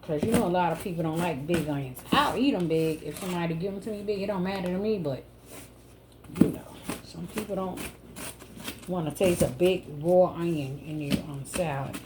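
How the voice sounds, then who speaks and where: A woman's voice: on the low side, brisk. A woman chatting casually with her viewers in a home cooking vlog, calling them y'all and baby. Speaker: home cook vlogger. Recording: loud background noise.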